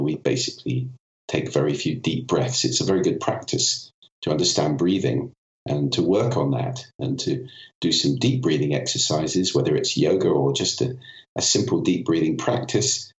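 A man's voice: rumbling low, reverberant, muffled recording. A man with a cold, a voice and communication expert, explaining articulately as a podcast guest and demonstrating vocal effects as he goes. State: has a cold. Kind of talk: explanatory interview talk.

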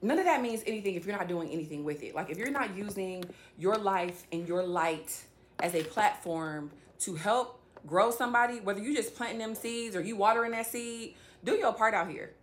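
A woman's voice: medium pitch, moderate pace, slight background noise. Woman, faith vlogger, rambling casual chat to camera. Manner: chatty, rambling, addresses viewers directly.

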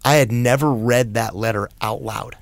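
A man appearing as a guest on a podcast, speaking in a measured, thoughtful way. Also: medium pitch, vocal fry, no echo. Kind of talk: reflective podcast conversation.

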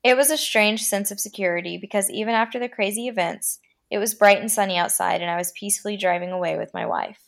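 Gravelly woman reading a horror story. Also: medium pitch, lively intonation. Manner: dramatic reading, slows down for creepy lines. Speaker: podcast host.

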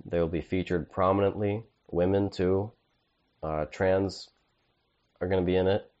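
A man's voice: low voice, fairly even intonation, a little slow, darkish tone, highs cut off. A man co-hosting a comedy podcast, laid-back and riffing, saying "dude" a lot. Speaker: podcast co-host. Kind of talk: casual comedic chat.

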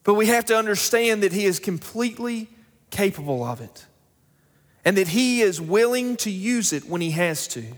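A young male pastor delivers a sermon with a high voice. He tells a story, then presses his points with rising emphasis. The sound carries a long reverb from the church sanctuary around him. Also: animated, normal speed. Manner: storytelling, builds to emphatic preaching.

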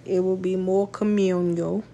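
Blunt, profane woman with a gravelly voice. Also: lowish voice, little pitch movement, unhurried, dark tone, a little hiss or hum. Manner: blunt, profane, laughs often. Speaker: podcast host. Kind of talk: casual monologue.

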